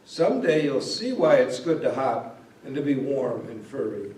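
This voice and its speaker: A man voicing a great, gentle and wise male silver wolf who speaks softly and deliberately, in a storybook tale. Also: mid-range voice, big pitch swings, lightly acted. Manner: slow, deliberate, soft-spoken. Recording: roomy echo, mic at a distance.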